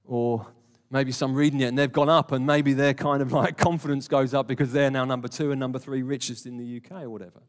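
Conversational preacher in a reverberant hall. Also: male voice, medium pitch, fairly even intonation, fast talker, few pauses. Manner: conversational, emphatic, jokey asides. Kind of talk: live sermon. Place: warm church hall, live congregation.

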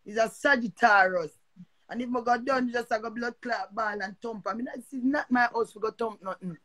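Cursing and repeating herself, an older Jamaican-accented woman confronts her audience in a heated live-stream rant. The social media personality speaks at normal speed in a fairly high, slightly bright voice.

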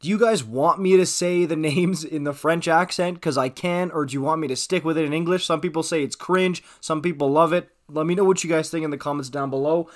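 A man's voice: fairly high pitch, a little fast, hardly any pauses. A man giving casual, chatty hockey news commentary, talking straight to his viewers.

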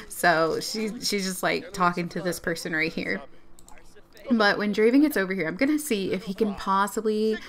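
A woman doing let's play commentary on a life-sim game, excitable and quick to exclaim and laugh. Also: mid-range voice. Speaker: gamer.

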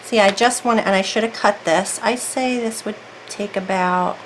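A woman's voice: mid-range voice, moderate pace, slight background noise, poor audio. A woman casually talking through a craft project in real time, thinking aloud as she works at her desk. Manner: chatty, self-talking while working, thinks aloud. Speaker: craft video creator.

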